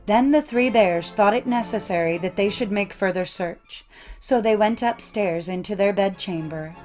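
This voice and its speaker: A woman reading old folk tales aloud in a measured storytelling cadence. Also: mid-range voice, darkish tone, soft background music. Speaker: narrator. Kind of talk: scripted storybook narration.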